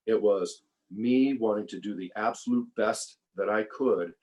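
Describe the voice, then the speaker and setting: Deep-voiced man, reflective and relaxed. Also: measured pace, rough recording. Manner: relaxed, reflective, repeats words while thinking. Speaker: podcast guest, former survival show contestant. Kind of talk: casual conversational interview.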